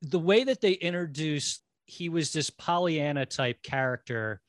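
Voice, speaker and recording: Man, slightly high voice, dry studio sound, casual movie chat. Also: unhurried, dry recording. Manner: animated, laughs, mimics characters. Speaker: podcast host. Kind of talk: casual film discussion.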